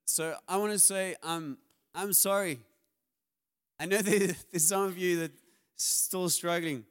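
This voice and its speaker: A man's voice: high-pitched, steady tone, a little slow, smooth. A man, preaching a sermon as a pastor in a candid, confessional way with self-deprecating humor.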